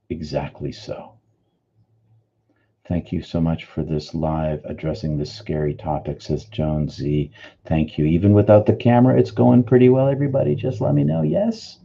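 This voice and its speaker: A man's voice: sits low, unhurried, gravelly, warm tone, slightly rough, dull audio. A man from the Boston area giving an earnest, reflective spiritual teaching on a live stream, answering viewers' comments by name. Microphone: studio microphone.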